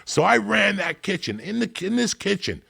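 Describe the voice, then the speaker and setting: A middle-aged man with a gravelly, husky voice that has a lot of fry. He tells profane stories with animation and acts out the people he quotes. He is from Cuba. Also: high-pitched, very animated, moderate pace, pushed and bright. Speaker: podcast guest. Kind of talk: storytelling in casual chat.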